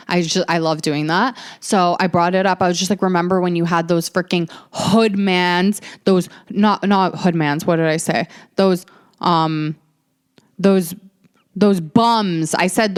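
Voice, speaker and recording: Sassy young woman ranting on a podcast. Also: fairly low pitch. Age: early 20s. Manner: animated, ranting, profane, sassy. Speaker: podcast host. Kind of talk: casual storytelling chat.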